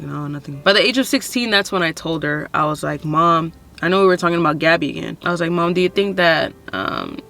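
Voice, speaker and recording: Bright-voiced woman telling a frank story. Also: sits low. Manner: frank, heavy swearing, lots of "like" and "you know". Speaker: vlogger. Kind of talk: casual personal storytelling.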